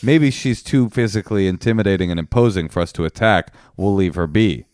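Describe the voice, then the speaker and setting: A man's voice: low voice, a little fast, a little mellow, smooth, dry recording, clean studio sound, close to an everyday voice. A man voicing a package thief who speaks with mock-solemn awe.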